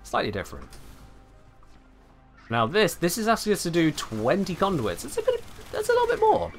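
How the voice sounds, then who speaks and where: A male game streamer giving live commentary, speaking with sweeping highs and lows like an old-time radio host. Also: wildly swooping pitch, normal speed, soft background music.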